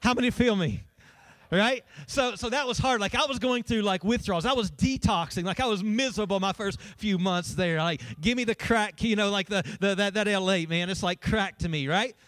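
High-voiced storytelling pastor. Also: male voice, moderate pace, fairly bright tone, dry recording. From Kentucky. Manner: storytelling, playful, calls out to the congregation. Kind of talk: sermon.

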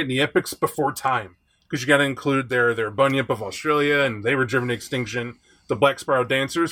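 A man hosting a podcast in casual chat, animated and chatty, reading aloud from a rulebook. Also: medium pitch. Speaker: podcast host.

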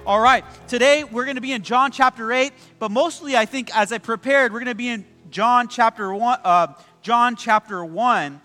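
A pastor preaching a lively sermon to his congregation, joking and adding many asides. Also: very high voice, normal speed, few pauses, faint music behind. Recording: long church hall reverb.

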